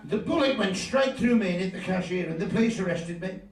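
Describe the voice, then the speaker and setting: A man's voice: sits high, expressive, a little fast. An older man with an English Midlands accent performing a live stand-up routine as a chatty storyteller who teases the audience. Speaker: stand-up comedian. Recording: roomy venue from far off, audience laughter.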